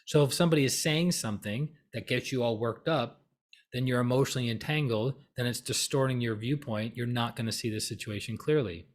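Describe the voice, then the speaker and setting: A man's voice: medium pitch, brisk. A man giving a casual spiritual teaching talk, conversational and full of tag questions, now and then acting out heated voices. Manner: animated, acts out heated voices mid-talk.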